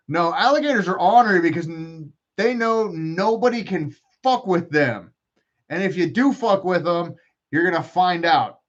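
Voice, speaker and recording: Host: a man, slightly high voice, rambling profane banter, muffled lo-fi stream audio. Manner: profane, joking, rambling trash talk. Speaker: podcast host. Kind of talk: casual rambling live-stream chat.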